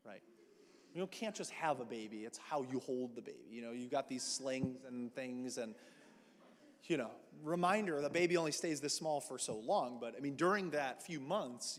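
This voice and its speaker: A pastor, a man around his thirties, preaching a sermon in a storytelling way with animated acted asides. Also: on the high side. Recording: long hall reverb.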